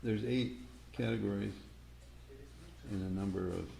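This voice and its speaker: A man's voice: lowish voice, fairly even intonation, a little slow, gravelly, dark tone. A man taking part in an online course, puzzling aloud over an exercise during a video call. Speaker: course participant. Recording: noisy call audio.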